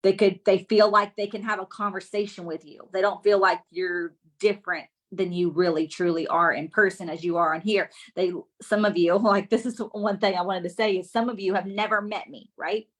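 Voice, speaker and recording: A woman giving a lively business coaching talk on a live stream, often checking in with her audience. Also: mid-range voice, moderate pace, hardly any pauses. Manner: energetic, keeps checking in with the audience.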